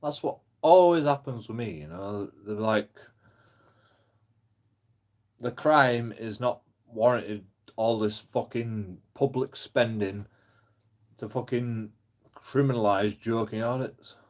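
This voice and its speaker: A man's voice: medium pitch, measured pace, a little mellow. A man ranting angrily on a live stream, swearing often and rambling with many fillers. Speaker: livestreaming auditor.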